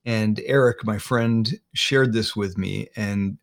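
A man, a guest in an interview, retelling a painful personal story haltingly, often repeating words. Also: on the low side, steady tone, creaky.

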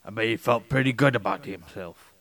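A man's voice: on the low side, a little fast, a bit bright. A man co-hosting a podcast in casual chat, mostly giving short reactions and asking curious questions. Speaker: podcast co-host.

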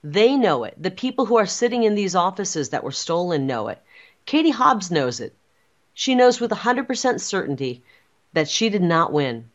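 A woman's voice: sits low, lo-fi sound. A woman speaking as a political guest in an interview, defiant and insistent, hammering her points with repeated phrases. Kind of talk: emphatic interview talk.

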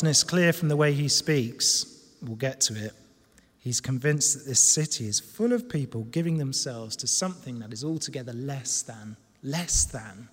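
A preacher delivering a sermon with emphatic, animated energy. His voice is high, and he drops to a hush to drive points home. The church hall leaves a long reverb tail. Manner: animated, emphatic, swings from loud to hushed.

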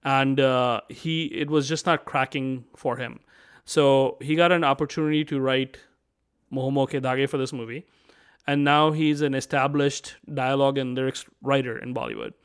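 A man's voice: mid-range voice, fairly even intonation, moderate pace, clean tone. A man co-hosting a casual film review chat, asking questions and reading out review quotes. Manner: inquisitive, poses questions and reads review quotes. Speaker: podcast co-host.

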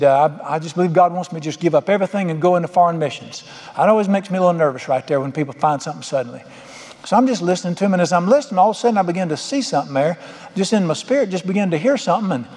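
A male preacher delivers a folksy sermon full of jokes and homespun turns of phrase. His voice sits high for a man. It rings with the long reverb of a church hall. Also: darkish tone. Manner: folksy, joking storyteller with rural turns of phrase. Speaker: pastor.

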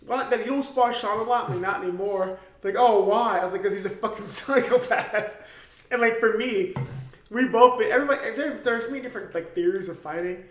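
A man's voice: sits high, quick pace, fairly bright tone, echoey room. A man in his thirties from Ohio, a fighter talking casually, loose and profane with lots of restarts. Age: 30s. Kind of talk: casual chat.

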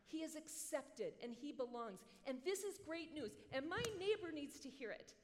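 A woman preacher giving a sermon in an animated, conversational way, with joking asides, in a large hall. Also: high voice, moderate pace. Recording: long hall reverb.

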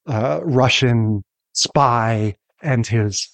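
A man's voice: medium pitch, very slow, fairly bright tone. A man co-hosting a podcast, chatting casually about old sitcoms, rambling and often checking in with "right?". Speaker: podcast co-host. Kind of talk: casual chat reviewing sitcoms.

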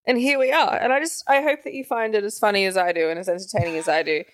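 A woman's voice: mid-range voice, steady tone, fast, dry recording, studio quality. A woman co-hosting a podcast, candid and rambling, laughing often in casual chat. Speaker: podcast co-host.

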